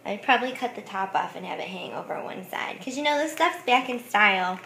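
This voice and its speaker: A woman's voice: medium pitch, expressive, brisk, gravelly, bright, forceful tone, slight background noise. A woman craft vlogger chatting casually about thrift finds, giggling often and saying "like" a lot. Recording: echoey room.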